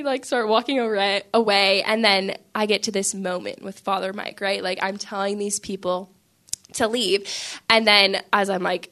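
A woman's voice: on the high side, moderate pace, sharp tone. A young woman casually telling a faith story, chatty, with lots of filler words and frequent laughs. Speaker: Catholic speaker sharing a faith story.

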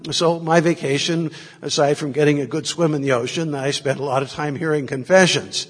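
A man's voice: on the high side, steady tone, brisk, husky, long reverb tail. A man, a Catholic priest, giving a sermon, reflective in manner and telling stories from his ministry. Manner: reflective storytelling, moving in and out of quoted voices. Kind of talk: sermon with anecdotes.

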